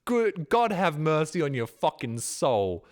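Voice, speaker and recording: A man's voice: fairly high pitch, big pitch swings, measured pace. A man streaming a game live, rambling and swearing in casual commentary, often laughing.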